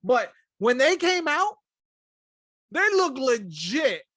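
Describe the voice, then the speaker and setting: Male co-host, casual movie review chat, animated storyteller; bright, lively voice, dry sound. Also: very high-pitched, takes it slowly, dry recording. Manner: animated, acts out quotes in raised voices. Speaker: podcast co-host.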